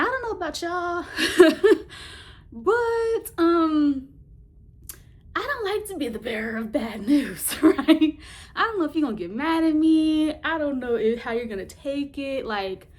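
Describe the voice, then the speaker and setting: A woman casually retelling a Bible story in a Bible study vlog, colloquial and chatty, often laughing and searching for words. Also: sits high.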